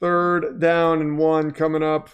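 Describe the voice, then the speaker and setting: A man hosting a casual livestream, chatting and commentating, flustered at times and prone to excited outbursts. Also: fairly high pitch, takes it slowly, clear, resonant tone, lo-fi sound. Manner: flustered, self-deprecating, breaks into excited shouts. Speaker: livestream host.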